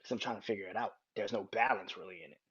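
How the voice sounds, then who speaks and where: A young man with a husky, breathy voice hosts a solo podcast, rambling casually and swearing freely. He often restarts his sentences. The recording sounds dull and lo-fi. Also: fairly low pitch, very fast, a bit bright. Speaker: podcast host.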